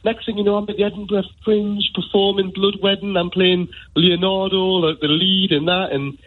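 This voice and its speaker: A man's voice: sits high, flat delivery, normal speed. A man from Newcastle with a Geordie accent, calling in to a radio show and telling a heartfelt story in a rambling way, full of "you know". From Newcastle, England. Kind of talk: emotional phone-in storytelling. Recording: tinny phone line on radio.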